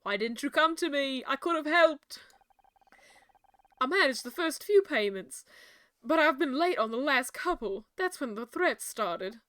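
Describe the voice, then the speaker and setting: A woman's voice: high-pitched, lively intonation, a little slow, pushed and bright, no room sound, exaggerated voice. A woman doing an anxious British club owner. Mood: ashamed. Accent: British (put on).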